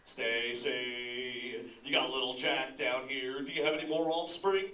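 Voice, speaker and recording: A man with a mid-range voice and measured pace plays a laid-back surfer-dude sea turtle dad, saying "dude" constantly and laughing a lot. Stoked and lively, he talks straight to a live audience. The recording sounds like an echoey hall, with his voice coming from far off.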